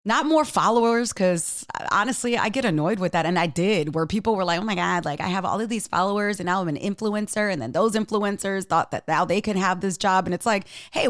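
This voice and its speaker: A woman's voice: medium pitch, no room sound, studio quality. A woman hosting her own podcast, talking earnestly and emphatically straight to the listener in a motivational solo talk, getting choked up with emotion. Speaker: podcast host.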